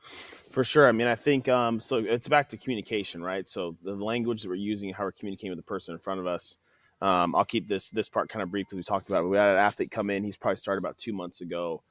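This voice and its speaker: Low-pitched man, casual podcast guest, acts out quotes, dry close sound. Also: fast talker, dry recording. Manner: animated, acts out quoted dialogue. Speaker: training facility owner.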